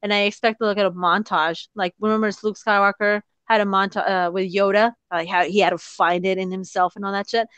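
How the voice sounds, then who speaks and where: A woman's voice: mid-range voice, steady tone, fairly quick, hardly any pauses, a bit bright, clear, resonant tone, no room sound. A woman hosting a casual podcast chat, ranting with lots of swearing and laughter. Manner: ranting, profane, laughs often. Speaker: podcast host.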